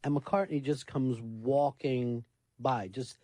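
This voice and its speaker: A man's voice: mid-range voice, slow pace, no room sound. Profane man telling studio anecdotes. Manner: profane, animated anecdote teller. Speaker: radio show host. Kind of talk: casual radio storytelling. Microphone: studio microphone.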